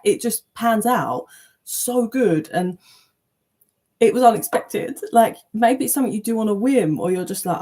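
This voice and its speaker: A woman giving a casual, chatty tarot reading, animated, with loose language and playful asides. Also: mid-range voice, moderate pace. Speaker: tarot reader.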